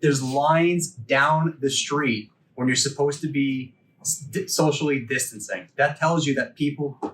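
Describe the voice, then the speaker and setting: A man's voice: mid-range voice, a little slow, fairly bright tone, a little hiss or hum. A man in his forties teaching a continuing education course in a conversational lecture, firing off rhetorical questions and checking in with "okay?" and "right?". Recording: voice a bit distant from the mic.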